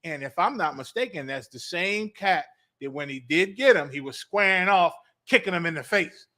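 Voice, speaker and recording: A man's voice: on the high side, lively intonation, normal speed, pushed and bright. A man talking casually on a show, loose and conversational, checking for agreement. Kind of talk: casual chat.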